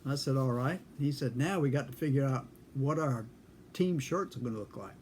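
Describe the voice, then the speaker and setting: A man's voice: mid-range voice, moderate pace, darkish tone, slight background noise. A man telling a casual story in a folksy, dry way, acting out both sides of a conversation. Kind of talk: casual spoken anecdote.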